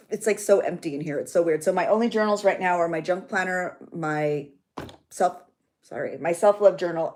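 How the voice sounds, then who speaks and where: A woman in her thirties hosting a live chat for her journaling channel, bubbly and chatty, greeting viewers by name and laughing often. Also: on the low side.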